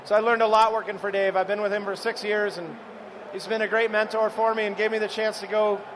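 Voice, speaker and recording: A man's voice: sits high, little pitch movement, fast talker, noisy background. A man, a chef, giving a live cooking demo to an audience, chatting and telling stories as he cooks. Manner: chatty, storytelling, addresses the audience.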